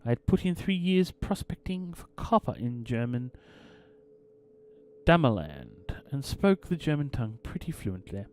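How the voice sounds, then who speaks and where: A man's voice: medium pitch, big pitch swings, a little slow, darkish tone. A man hosting a let's play, commenting casually and reading game text aloud in a theatrical storytelling way. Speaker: gaming channel host.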